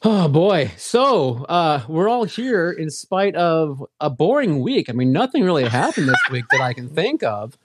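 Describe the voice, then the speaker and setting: A man's voice: a little high, very animated, a little slow, hardly any pauses, breathy edge. A man co-hosting a casual podcast chat, joking around, laughing often and trailing off mid-sentence. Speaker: podcast co-host.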